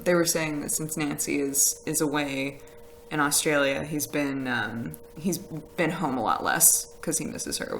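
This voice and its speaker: A woman's voice: deep voice, slight background noise, poor audio. A woman chatting casually on a live stream, rambling with fillers and laughs as she reads messages from chat. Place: house with a conservatory.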